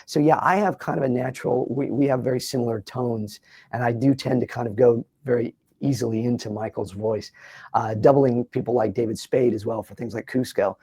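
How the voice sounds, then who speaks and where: A middle-aged man, a voice actor in an interview, talking in a lively way and dropping into quick character voices. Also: mid-range voice, breathy edge, no echo. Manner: lively, slips into character voices mid-sentence. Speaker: voice actor guest. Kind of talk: animated interview talk with quick voice impressions. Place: Los Angeles, doing press.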